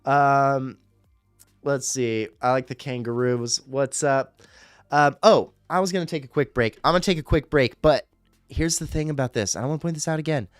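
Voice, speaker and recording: A man's voice: medium pitch, normal speed, smooth, dry recording, clean studio sound, soft background music. A young man hosting a livestream, chatting in a loose, rambling way with many fillers. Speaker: livestream radio host. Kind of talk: casual livestream chat.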